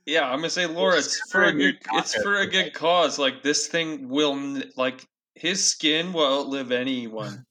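A man's voice: fairly high pitch, normal speed, bright, forceful tone. A young man hosting a podcast over a video call, cracking crude jokes with his friends. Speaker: podcast host. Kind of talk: crude joking banter.

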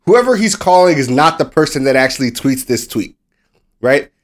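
A mid-pitched American man co-hosting a sports podcast. He chats casually and tells stories with energy, slipping into the voices of the people he quotes and swearing now and then. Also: moderate pace. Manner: animated storyteller, acts out quoted people. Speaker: podcast co-host.

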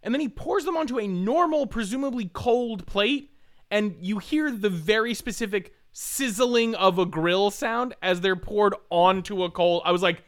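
A man co-hosting a podcast, chatting casually about a movie, animated and laughing often. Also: high voice, moderate pace. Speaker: podcast co-host. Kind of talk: casual movie review chat.

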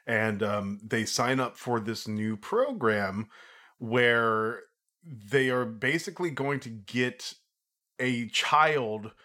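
A man's voice: mid-range voice, takes it slowly. A man co-hosting a film review podcast, talking casually and laughing easily. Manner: laughs easily, goofy and lively. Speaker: podcast co-host.

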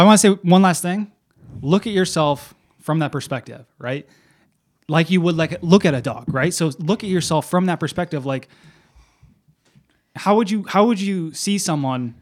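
A man co-hosting a casual self-help podcast, speaking in a reflective, gently reassuring way. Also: a little high, expressive, normal speed. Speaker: podcast co-host.

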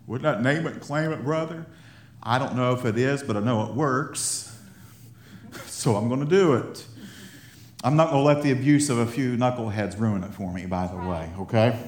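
A male pastor preaching a sermon in an animated way, laughing often and building up to excited emphasis. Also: medium pitch, moderate pace. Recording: roomy echo of a hall.

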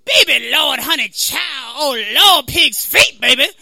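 A man doing a loud, exasperated counter clerk woman. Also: very high-pitched, animated, unhurried, creaky, dry recording, pitched above the performer's own voice, full character voice. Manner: shouting, sing-song pet names. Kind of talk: stand-up comedy.

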